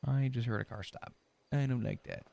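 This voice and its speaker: Speaking in a mid-range, steady voice with a creaky, dark tone, this streamer plays his roleplay character at a normal pace. He chats in a profane, ranting way and breaks into frequent laughter.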